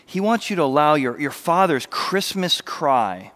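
A man preaching a sermon, animated, sometimes dropping to a soft, intimate voice. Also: a little high, unhurried. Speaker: pastor.

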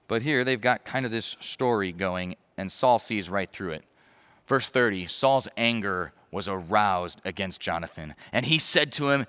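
A man's voice: fairly low pitch, expressive, normal speed, fairly bright tone, smooth. A male pastor giving a verse-by-verse sermon in a conversational, storytelling manner with asides.

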